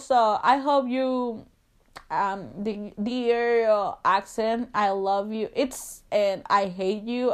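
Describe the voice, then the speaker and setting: A young woman hosts her podcast in English, which is not her first language, and her accent comes through on every word. Her voice sits a touch high, and she talks in a chatty, self-conscious way, laughing at herself and swearing casually as she reads from her phone. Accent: non-native English. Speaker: podcast host.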